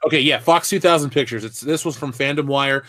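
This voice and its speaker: A man co-hosting a comedy podcast, chatting casually and reading out viewer comments with an animated delivery. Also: medium pitch, brisk, no room sound. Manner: animated, laughs between lines. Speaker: podcast co-host reading chat.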